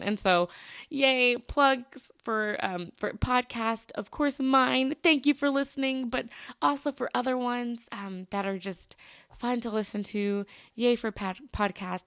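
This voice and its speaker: A young adult woman hosts her own podcast solo, chatting casually in a bubbly, upbeat manner full of laughs and happy exclamations. Her voice is slightly high, and the recording has clean studio sound with no room echo.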